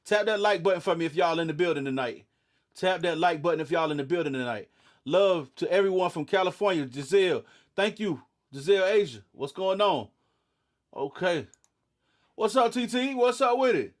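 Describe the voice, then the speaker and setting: A man's voice: high voice, animated, normal speed. A young man hosting a casual livestream, greeting viewers by name in a laid-back, sleepy way and often saying "you know what I'm saying.". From eastern North Carolina. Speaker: livestream host.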